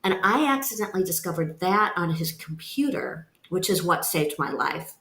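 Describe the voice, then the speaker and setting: Lowish woman's voice, earnest and emphatic, telling her story on a podcast, echoey room. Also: lively intonation, moderate pace, fairly bright tone, a little hiss or hum. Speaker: guest, nonprofit founder. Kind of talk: personal testimony in a podcast interview. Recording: roomy echo.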